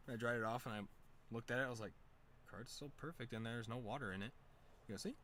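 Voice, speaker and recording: A young man streaming, telling a rambling casual story with lots of slang and fillers, laughing often. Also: very fast. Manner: excited, louder and higher when amused.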